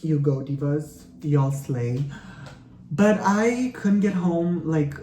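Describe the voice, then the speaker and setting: A young man vents to the camera while he gets ready, sassy, profane and rambling, with filler "like"s everywhere. His voice sits mellow and soft-edged, and he sounds tired and a bit sick. The room around him is bare and echoey. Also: a little high, slow pace. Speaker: vlogger. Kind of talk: get-ready-with-me rant.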